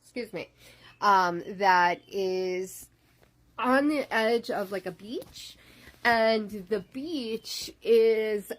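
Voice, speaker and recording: A woman's voice: mid-range voice, extremely slow. A woman casually describing recurring dreams in a rambling way, with many fillers. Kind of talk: casual storytime.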